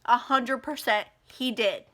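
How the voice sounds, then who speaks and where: Speaking at a measured pace with a fairly high, slightly bright voice, a twenty-something vlogger talks to camera in a personal video. She's emotional and angry, ranting as she comes close to crying.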